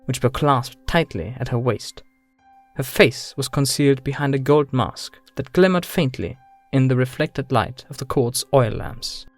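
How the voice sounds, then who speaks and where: A man giving measured, grave audiobook narration of a dark fantasy story. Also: medium pitch, dry recording. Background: soft music.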